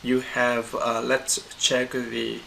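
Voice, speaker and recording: A man, a university lecturer, giving a recorded pronunciation lesson, explaining slowly and methodically, repeating examples and correcting himself. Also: mid-range voice, completely flat delivery, creaky, pushed and bright, slight background noise, poor audio.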